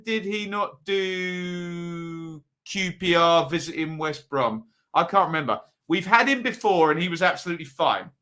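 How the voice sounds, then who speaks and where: Male host, fairly high bright voice, casual live football chat full of fillers. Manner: chatty, frequent ums and uhs, reads team sheets. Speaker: football watch-along host.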